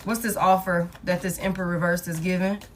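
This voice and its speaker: A woman's voice: on the low side, flat delivery, a little fast, a little hiss or hum. A woman giving a collective love tarot reading in a blunt, profane, emphatic way, talking to the cards and repeating her points. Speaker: tarot reader.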